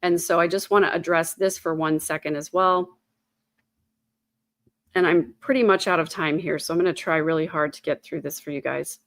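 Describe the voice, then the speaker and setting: A woman's voice: deep voice, steady tone, moderate pace. A woman hosting an online commentary show, reading news articles aloud at her computer and adding her own speculation in a chatty, filler-laden way.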